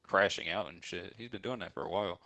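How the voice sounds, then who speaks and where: A man chatting on a live stream, crude and animated, swearing freely. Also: low voice, fast talker, creaky, muffled recording. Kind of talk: casual stream chat.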